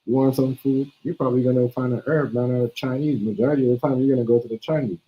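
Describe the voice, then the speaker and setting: A man's voice: mid-range voice, fairly even intonation, fast, highs cut off. A man chatting casually on a stream, talking emphatically and often checking that the listener follows. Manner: emphatic, keeps asking "you see what I'm saying". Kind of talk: casual chat.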